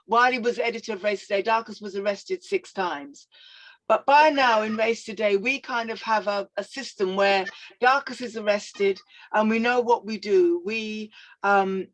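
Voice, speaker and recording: An older woman telling a personal story as a guest speaker, reflective and animated, with frequent fillers. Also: on the high side, poor audio.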